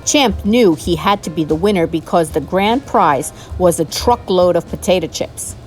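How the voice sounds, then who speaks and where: A woman reading a children's picture book aloud in an animated, expressive storytelling manner. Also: fairly low pitch, normal speed, faint music behind. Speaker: storybook reader.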